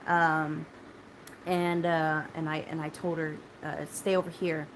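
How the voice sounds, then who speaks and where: A woman's voice: deep voice, little pitch movement, unhurried, slight background noise, poor audio. A woman telling a story on her phone with many fillers and restarts, speaking in an urgent way. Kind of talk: casual spoken account to a phone. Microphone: phone held close.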